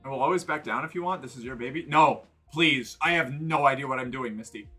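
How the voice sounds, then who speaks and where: A man's voice: medium pitch, quick pace, pushed and bright, slightly rough, faint music behind. A man from New England streaming casually from the floor, rambling through chat with lots of fillers and restarts. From New England, United States. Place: indoors, sitting on the floor.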